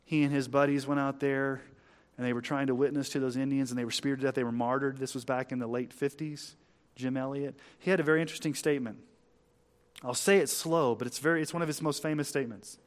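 Man preaching with big dynamic swings. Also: steady tone. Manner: dynamic preaching, swelling loud then dropping low; reads scripture slowly and emphatically. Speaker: pastor. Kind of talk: sermon.

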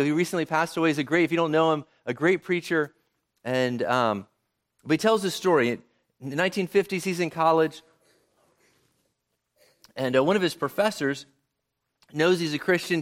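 Man, pastor, sermon, conversational, rhetorical questions, slightly high voice, very animated intonation.

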